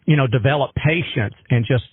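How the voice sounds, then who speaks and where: A man's voice: mid-range voice, a little fast, slightly rough, dry recording. An earnest man talks in a folksy, emphatic way during a heartfelt radio conversation. His voice comes through a thin phone line with no room sound at all. He sits in a comfortable middle register.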